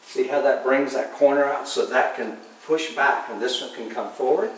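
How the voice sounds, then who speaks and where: A man giving a relaxed painting demonstration, talking softly and unhurriedly, often trailing off quietly as he works. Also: medium pitch, moderate pace, slight background noise. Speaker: painting instructor. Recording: distant mic in an echoey room with faint ambience.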